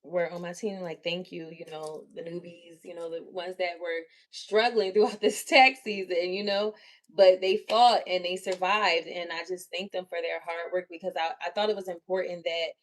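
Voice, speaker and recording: A woman's voice: fairly low pitch, normal speed. A young adult woman hosting a live stream, talking in a chatty, encouraging way, laughing often and acting out what people say. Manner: chatty, animated, laughs often, acts out quotes; empathetic and encouraging. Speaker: livestream host leading a leadership meeting. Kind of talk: casual livestream talk.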